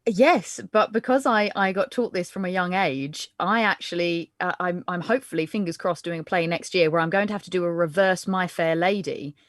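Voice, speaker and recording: A woman's voice: lowish voice, a little fast, few pauses, no room sound, clean studio sound. A woman actor from South Essex who speaks in a trained Received Pronunciation accent, chatting in a polished, self-mocking way on a video call. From South Essex, England. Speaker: actor and guest. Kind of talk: casual chat.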